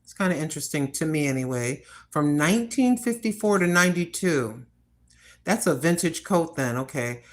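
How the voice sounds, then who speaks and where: A woman's voice: deep voice, animated, normal speed, low-quality recording. An older American woman chatting casually and rambling to her viewers at home. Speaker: vlogger. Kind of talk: casual chat.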